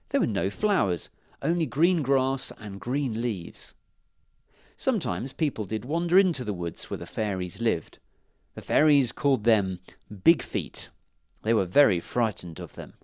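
A man reading a children's storybook aloud in a slow, emphatic, sing-song way. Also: mid-range voice, very animated, darkish tone, dry recording, clean studio sound.

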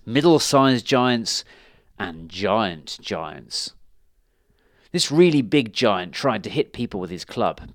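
A man reading a children's storybook aloud in an expressive, animated way. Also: fairly low pitch, no echo, clean studio sound. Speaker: reader.

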